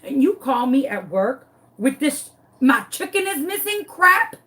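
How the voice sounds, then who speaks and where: A woman's voice: sits high, unhurried, warm tone. A woman voicing an exasperated female friend interrupted at work, curt and irritated. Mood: annoyed.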